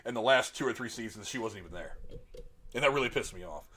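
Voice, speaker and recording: A man's voice: on the low side, animated, fast talker, fairly bright tone, breathy edge. A middle-aged man hosting a podcast, arguing his opinions bluntly in casual, profane talk. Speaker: podcast host.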